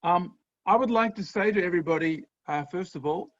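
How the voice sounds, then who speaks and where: A man's voice: high-pitched, a little fast, dry recording. Upbeat Australian man lecturing online. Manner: enthusiastic, friendly, chuckling. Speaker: guest lecturer. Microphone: video call. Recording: dry, slightly dull sound.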